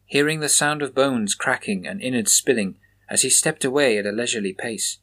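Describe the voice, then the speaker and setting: A man reading a scripted horror story aloud in a measured, even storytelling manner. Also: mid-range voice. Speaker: narrator.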